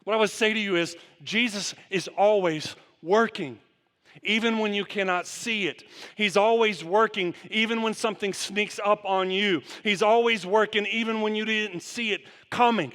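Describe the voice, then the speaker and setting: A man's voice: sits high, fairly even intonation, moderate pace, fairly bright tone. A man preaching a sermon as pastor, putting rhetorical questions to the congregation in long runs. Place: church sanctuary. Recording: long church reverb.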